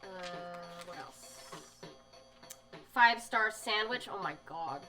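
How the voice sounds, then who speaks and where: A woman's voice: lowish voice, lively intonation, takes it slowly, low-quality recording. A woman chatting casually on a live stream, reading magazine bits aloud with lots of fillers and emotional asides. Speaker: streamer showing zines. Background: soft music.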